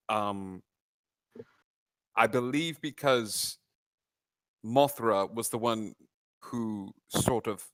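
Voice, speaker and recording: Man, tabletop player, slow hesitant speech, low voice, bright tone. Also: no echo. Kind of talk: casual tabletop play.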